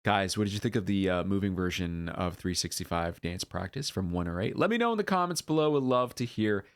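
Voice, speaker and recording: A man reacting to a dance video on his channel, gushing with excited whoops and earnest talk full of ums and uhs. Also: deep voice, fairly quick, smooth, dry recording. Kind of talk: casual reaction vlog.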